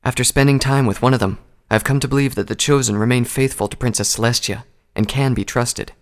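A man voicing a secretive stallion spy who talks gravely and carefully in a storybook reading. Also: mid-range voice, fairly even intonation, brisk, close to an everyday voice. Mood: guarded. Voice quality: grave, guarded.

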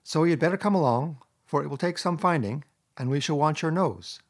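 A man voicing a kindly, brisk male water rat who speaks heartily and encouragingly. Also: on the high side, sing-song, husky, voice pushed up. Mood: hearty.

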